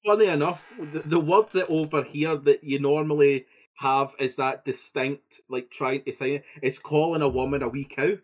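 A man's voice: fairly high pitch, fairly even intonation, moderate pace. A young Scottish man co-hosting a podcast, chatting casually, swearing freely and laughing often. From Scotland. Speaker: podcast co-host. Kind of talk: casual chat.

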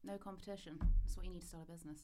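A woman co-hosting a casual podcast chat with a flat, deadpan way of talking. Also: lowish voice, rapid-fire, music in the background. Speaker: podcast co-host pitching an idea.

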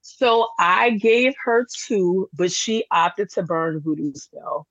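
A woman who runs a candle business, a guest on a casual podcast, telling her story in an animated, chatty way with many fillers. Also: lowish voice, slow, no echo. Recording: dull lo-fi dry sound.

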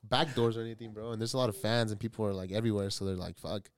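A man's voice: on the low side, steady tone, rapid-fire. A young man co-hosting a podcast in casual chat, rambling in slang and saying "bro" a lot. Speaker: podcast co-host.

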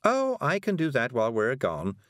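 A man's voice: medium pitch, wildly swooping pitch, normal speed, a bit bright, dry recording, studio quality, pitched above the performer's own voice. A man reading aloud, voicing a fussy, kindly, busy middle-aged woman witch. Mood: concerned.

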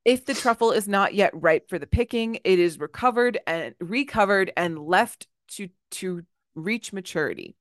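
A woman's voice: medium pitch, lively intonation, moderate pace, hardly any pauses, dry recording, studio quality. A woman co-hosting a casual podcast, reading her notes aloud, stumbling over hard words and laughing at herself. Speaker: podcast co-host presenting research.

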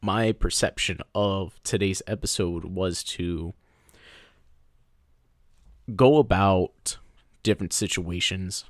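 A man with a lowish voice co-hosts a casual podcast. He tells a personal story with animated energy and drops into playful voices along the way. The sound is dry and close to the mic. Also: slow pace, pauses often, dry recording. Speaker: podcast co-host. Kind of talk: casual chat.

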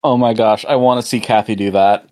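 A man's voice: on the low side, fairly quick. A young man co-hosting a podcast, chatting casually and often stammering, with repeated starts. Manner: stammering repeats, animated when joking. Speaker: podcast co-host. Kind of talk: casual chat.

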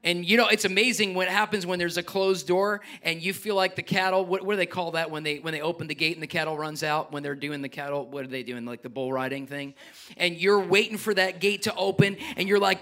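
A middle-aged man preaching a sermon as pastor, swinging between loud exhortation and quiet, personal asides. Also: high voice, fairly even intonation, brisk.

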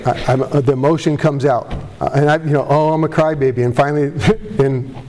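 A man's voice: mid-range voice, steady tone, a little fast, dark tone. A man speaking at a recovery meeting to a live audience, candid and self-deprecating, rambling with restarts, his voice cracking with emotion. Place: meeting room before an audience.

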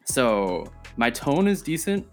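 A man's voice: mid-range voice, big pitch swings, takes it slowly, soft background music. An American man co-hosting a podcast over a call, chatting casually, laughing often and repeating words as he starts a thought. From United States. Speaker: podcast co-host. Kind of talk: casual chat. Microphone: remote call.

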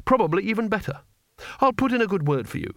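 A man voicing a jittery, cowardly male wizard, hurried and anxious. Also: sits high, very animated, fairly bright tone, dry recording, studio quality, voice pushed up, heavily acted.

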